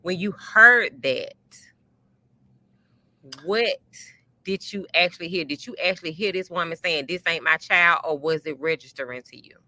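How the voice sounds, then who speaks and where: Guy interviewing, higher voice, super bright and sharp, digs in with follow-ups. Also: normal speed. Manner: asks probing follow-ups, short murmured acknowledgments. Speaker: interviewer and channel host. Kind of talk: casual interview.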